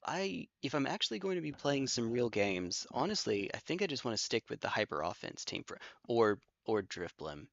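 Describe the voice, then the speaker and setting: A man's voice: mid-range voice, sing-song, normal speed, vocal fry, hardly any pauses, no room sound, muffled recording. Jokey man thinking aloud while streaming. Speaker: streamer playing online battles. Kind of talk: casual livestream commentary.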